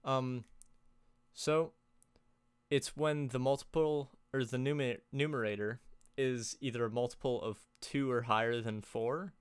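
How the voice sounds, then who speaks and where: Young male presenter, casual lesson delivery, smooth voice, dry close mic, lots of ums. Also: medium pitch, no echo. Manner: relaxed, many fillers and restarts. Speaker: music theory presenter.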